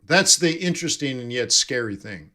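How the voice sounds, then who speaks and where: A man's voice: medium pitch, expressive, normal speed, bright, forceful tone. A man giving live trading commentary, thinking aloud and correcting himself as he reads numbers off charts. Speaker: forex trading streamer.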